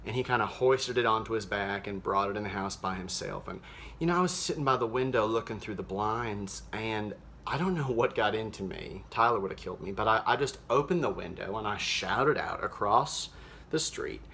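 A man playing a cheerful, naive small-town mom, talking in a folksy, rambling way with many fillers in a deadpan comedic monologue. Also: on the low side, moderate pace, vocal fry, slight background noise. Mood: chirpy. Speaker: social media show host character.

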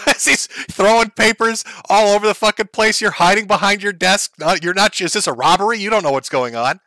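Man, mocking commentary host, profane, high voice, dry close sound. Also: a little fast, bright, forceful tone, no echo. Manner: mocking, profane, laughs often.

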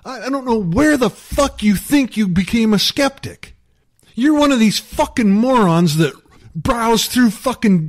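A man rants furiously into the camera, his voice pitched a little high and swinging wildly up and down. He swears constantly and spits out mockery with heated scorn. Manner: heated, profane, mocking. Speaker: YouTube commentator. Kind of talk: angry rant.

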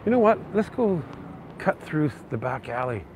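A Canadian man narrating a casual walking tour of city streets, chatty and excitable. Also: fairly high pitch, moderate pace. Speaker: vlogger. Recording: faint outdoor street noise. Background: faint traffic and street noise.

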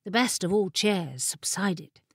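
A woman narrating a fantasy audiobook in a measured, expressive storytelling voice, on a close studio mic. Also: mid-range voice, husky, dry recording.

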